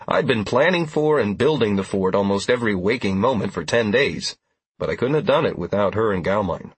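Husky low-voiced male audiobook narrator. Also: animated, fairly quick, dry recording. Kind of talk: first-person audiobook narration.

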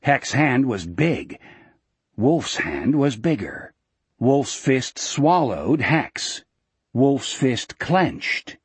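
A man narrating an audiobook in a steady, measured storytelling manner. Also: mid-range voice, husky, no room sound.

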